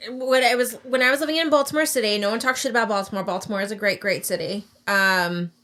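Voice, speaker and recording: A woman's voice: medium pitch, quick pace, background noise. A woman co-hosting a TV reaction video, telling a long personal story in a loose, chatty way, full of "like" and little laughs. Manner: chatty, filler-heavy, frequent "like". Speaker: co-host of a TV reaction channel.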